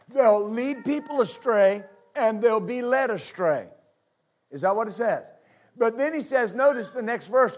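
A man pastor preaching to a congregation, with halting restarts, asking them for responses and adding frequent amens. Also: high voice. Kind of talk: sermon. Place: church service with congregation.

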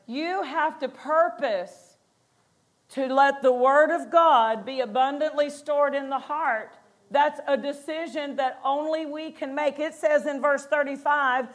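A woman's voice: high voice, unhurried. A woman pastor preaching a sermon in a conversational way, acting out quotes and laughing between points.

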